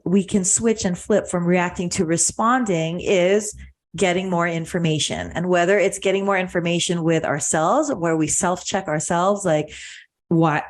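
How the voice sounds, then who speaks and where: A woman hosts a reflective podcast conversation with a fairly low voice. She explains her ideas thoughtfully and often circles back and repeats words as she works out what she means. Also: steady tone, normal speed. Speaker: podcast host.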